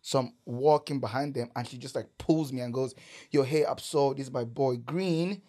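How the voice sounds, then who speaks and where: Canadian guy, podcast guest, mid-pitched voice, animated swearing storyteller who laughs a lot. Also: normal speed. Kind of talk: casual storytelling.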